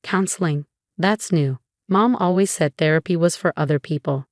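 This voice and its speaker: A woman's voice: sits low, normal speed, no echo, clean studio sound, lightly acted. Woman reading as a teasing young husband. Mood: warm. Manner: warm, teasing.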